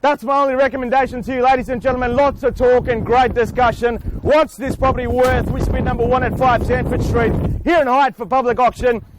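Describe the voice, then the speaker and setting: A man, an auctioneer, speaking outdoors in front of a house with booming salesman patter and long theatrical pauses. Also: fairly even intonation, background noise. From Australia. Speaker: real estate auctioneer.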